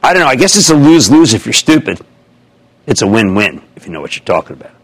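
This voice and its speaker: A man in his sixties hosting a TV stock show, loud and theatrical, jumping between shouts and mutters. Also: medium pitch, big pitch swings, fast, husky, rough recording. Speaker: TV host. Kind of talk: excitable TV stock commentary.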